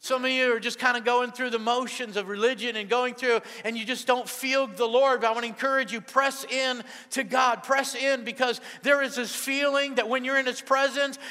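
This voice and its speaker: A man's voice: very high voice, bright, forceful tone. A man preaching a sermon as pastor, fervent and calling out to the congregation. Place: church sanctuary. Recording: long church-hall reverb.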